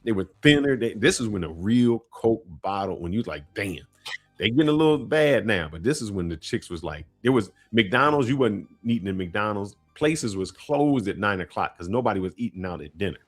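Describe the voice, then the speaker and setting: Man, lively swooping delivery, animated storyteller, slangy, faint music behind. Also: lowish voice, moderate pace. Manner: animated, slangy storyteller who acts out voices and laughs often. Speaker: podcast co-host telling a travel story. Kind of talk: casual storytelling chat.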